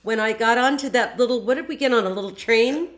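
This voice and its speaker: A woman's voice: a little high, fast talker. A woman on a reality show aftershow, telling stories in a rambling, giggly way. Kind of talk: casual chat.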